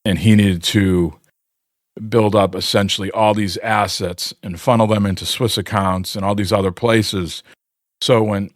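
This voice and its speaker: A podcast co-host with a low-sitting voice chats casually, spinning long, rambling stories packed with filler words. The recording is studio quality with no echo.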